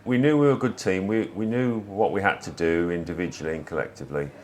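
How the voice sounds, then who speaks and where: Low-voiced English man telling football stories. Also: quick pace. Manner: relaxed, anecdotal, with frequent small restarts. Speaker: interview guest, former footballer. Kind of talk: reflective conversational storytelling.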